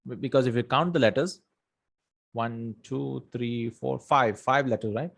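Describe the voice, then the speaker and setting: A man's voice: mid-range voice, unhurried, creaky. Man teaching Arabic grammar, checking in often. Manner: reads Quranic verses in Arabic, explains in English, checks with "right?" and "hmm?"; many fillers and self-corrections. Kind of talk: explanatory lesson.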